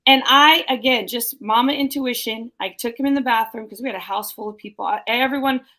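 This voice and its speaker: A woman's voice: on the high side, fairly quick, bright, forceful tone. A bereaved mother telling her story in a heartfelt, emotional way during a discussion. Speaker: bereaved mother sharing experience.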